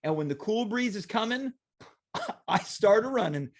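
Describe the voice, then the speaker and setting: A man's voice: high-pitched, lively intonation, a little slow, a little hiss or hum. A man hosting a comedic talk show. He talks like a boastful showman who keeps poking fun at himself. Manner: playful, self-mocking, boastful showman. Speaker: host.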